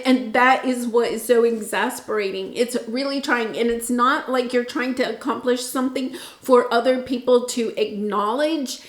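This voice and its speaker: A woman with a high, light voice gives a tarot reading straight to her viewers. She talks in an earnest, meandering, heartfelt way. The sound carries a roomy echo. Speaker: tarot reader. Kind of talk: intuitive tarot reading to camera.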